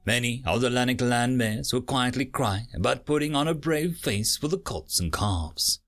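A man's voice: medium pitch, moderate pace, fairly bright tone, soft background music. A man narrating a science fiction audiobook in a dramatic storytelling manner. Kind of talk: scripted narration.

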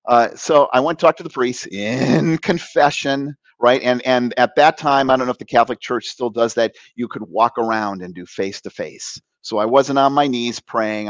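A middle-aged man telling a personal story on a talk show, animated and laughing as he acts out the voices of others. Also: medium pitch, no echo, low-quality recording. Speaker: guest.

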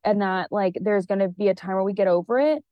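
A woman's voice: mid-range voice, fast talker, dry recording, muffled recording. A woman therapist talking as a podcast guest in an earnest, rambling way, with many fillers, and sounding teary. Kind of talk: casual conversation.

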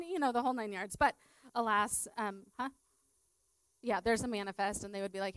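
A woman's voice: a little high, fast talker, fairly bright tone, dry recording, low-quality recording. A middle-aged woman, a teacher, sharing a personal testimony in a chatty way full of fillers. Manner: chatty, filler-heavy storytelling.

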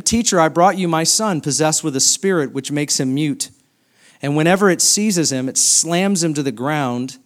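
Pastor preaching, rising to high passion. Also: male voice. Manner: builds from quiet reflective reading to loud, high, impassioned preaching. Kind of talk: sermon.

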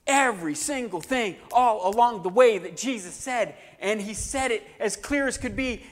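A man preaching a sermon, animated and acting out the voices of the people in his story. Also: high-pitched. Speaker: pastor. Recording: long hall reverb.

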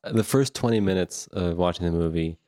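Man with a very deep voice, dry room, meandering movie chat. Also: warm tone, no room sound. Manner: slow, meandering storytelling. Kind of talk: casual movie review chat.

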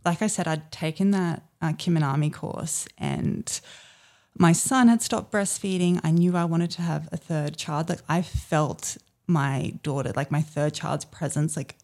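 Slow, reflective woman. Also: low voice, vocal fry. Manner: slow, soft and reflective, with many fillers. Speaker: podcast guest. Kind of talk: personal storytelling in a casual chat.

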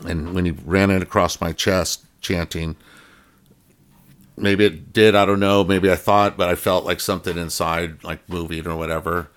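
A man's voice: low voice, fairly even intonation, moderate pace, a bit bright. A middle-aged man telling a personal story in a casual, rambling way, full of fillers and restarts. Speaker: guest telling his story.

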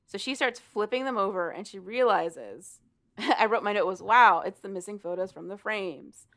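Animated woman retelling a story. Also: mid-range voice, normal speed. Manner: animated, profane, laughs often while retelling. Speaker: podcast co-host recapping a story. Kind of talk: casual chat.

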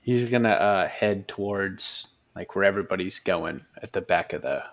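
A man playing a tabletop game, describing his character's moves in a relaxed, halting way. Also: low voice. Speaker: player. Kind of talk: casual tabletop game play.

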